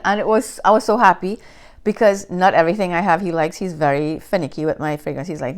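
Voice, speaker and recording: Female vlogger, slightly low voice, animated and gushing, casual storyteller. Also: fast talker. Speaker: fragrance reviewer. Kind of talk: casual chat to camera. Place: Canada.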